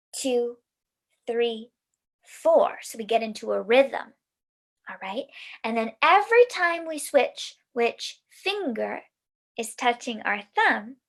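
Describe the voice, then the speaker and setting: A woman leading a mindfulness lesson for children, giving gentle, soothing instructions. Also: fairly high pitch, vocal fry. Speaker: mindfulness teacher.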